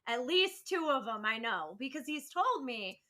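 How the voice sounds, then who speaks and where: High bright-voiced woman co-hosting a podcast, candid, laughy, swears a lot. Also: very animated, normal speed. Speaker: podcast co-host. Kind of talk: casual chat.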